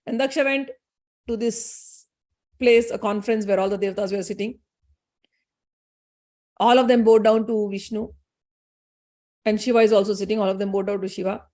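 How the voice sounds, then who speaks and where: A woman retelling a sacred legend in a chatty, animated way. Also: mid-range voice. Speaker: storyteller. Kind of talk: casual scripture storytelling.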